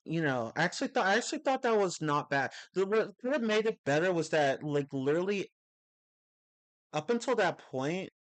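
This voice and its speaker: A man ranting casually on a livestream, rambling with many restarts and laughing as he talks. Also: on the high side. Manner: rambling, restarts often, laughs into his words. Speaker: streamer.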